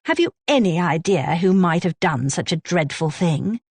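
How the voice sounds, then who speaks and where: A woman's voice: fairly low pitch, animated, normal speed, husky, dry recording. A woman voicing a blunt, brash middle-aged private detective. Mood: brisk.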